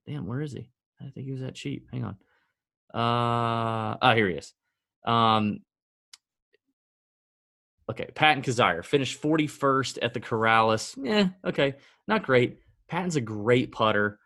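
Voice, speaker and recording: Man, podcast co-host, casual sardonic betting chat, thinks out loud, mid-range voice, dry close sound. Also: mid-range voice, animated, unhurried, creaky, pauses often, no room sound. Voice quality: conversational, sardonic, thinks aloud with fillers and self-corrections.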